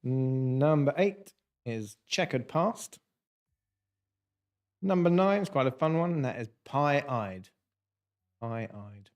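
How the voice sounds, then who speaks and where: A man's voice: medium pitch, animated, takes it slowly, long pauses. A man hosting a casual livestream quiz, jokey and punning as he reads out answers. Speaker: quiz host.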